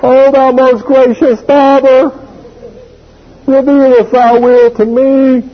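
A man voicing a pious little boy who dodges his chores, pleading slowly in mock-holy words. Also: very high voice, level tone, dull audio, pitched above the performer's own voice. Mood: whiny pleading.

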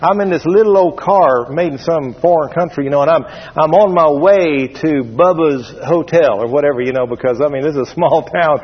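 A man's voice: on the high side, moderate pace, hardly any pauses, husky. A man preaching a sermon to a congregation, emphatic and repetitive, calling for their responses. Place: church before a congregation. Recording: dull lo-fi sound with long hall reverb.

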